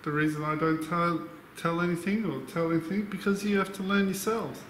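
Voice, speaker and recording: High-voiced Irish man, blunt garage banter. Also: fairly quick, a bit bright. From Ireland. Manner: dry, blunt comebacks. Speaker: mechanic building the car. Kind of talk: casual banter. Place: echoey workshop garage. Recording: echoey garage, background noise.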